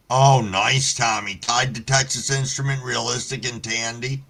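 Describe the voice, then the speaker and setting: A male live-stream host with a bright, forceful voice at an ordinary middle pitch. He chats in a relaxed way and swears freely while telling stories. He also greets his viewers by name. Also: vocal fry. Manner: laid-back storytelling, heavy swearing. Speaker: livestream host reading chat. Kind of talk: casual live-stream chat.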